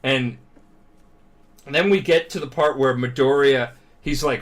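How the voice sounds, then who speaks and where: Man, drunk, podcast host, profane animated storytelling, mid pitch. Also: a little slow, long pauses. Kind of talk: casual podcast chat.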